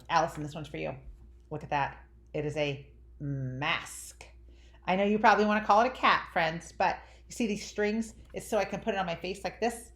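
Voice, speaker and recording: Lady teacher doing a phonics lesson for little kids, sing-songy, roomy echo. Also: medium pitch. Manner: animated, drawn-out sing-song teacher voice to young children. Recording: echoey room.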